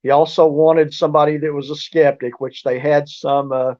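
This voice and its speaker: A man's voice: fairly high pitch, flat delivery, moderate pace, darkish tone. Guy rambling thru a story, lots of uh and restarts, muffled lo-fi audio. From southeast Oklahoma. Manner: rambling, with many restarts and fillers. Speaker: guest, researcher and author. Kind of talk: casual storytelling interview.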